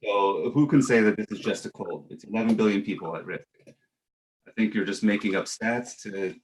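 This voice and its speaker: A man's voice: lowish voice, normal speed, slight background noise, low-quality recording. A man playing a fake doctor on a satirical talk show, speaking in a mock-serious, pompous way and rambling with frequent restarts.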